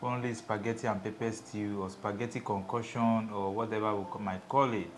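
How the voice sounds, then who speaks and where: A man's voice: fairly low pitch, a little fast, music in the background. A Nigerian man co-hosting a casual cooking vlog, joking and playful in his talk. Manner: playful, jokey, animated. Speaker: vlog co-host.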